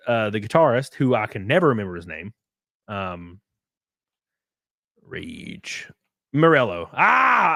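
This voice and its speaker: A man hosting a livestream, ranting and commentating in a sarcastic, animated way. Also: medium pitch, no echo, studio quality. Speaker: livestream host.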